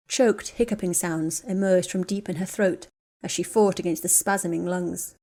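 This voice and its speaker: A woman narrating a story in an even, measured reading voice. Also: fairly low pitch.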